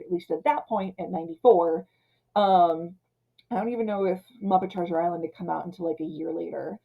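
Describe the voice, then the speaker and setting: A woman in her thirties casually ranting about an old film, retelling scenes and slipping into quick character voices. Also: lowish voice, highs cut off. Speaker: film commentator. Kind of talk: casual movie rant.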